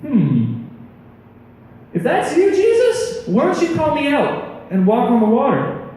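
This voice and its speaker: A man voicing Peter, an eager, excitable male disciple, in a high, wide-eyed voice during a sermon. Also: slow pace, exaggerated voice. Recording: echoey hall, mic far off.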